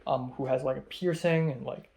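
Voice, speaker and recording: A man's voice: medium pitch, steady tone, normal speed, gravelly, darkish tone. A young man and native Cantonese speaker casually telling a rambling story as a vlogger, with frequent ums and restarts. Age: young adult.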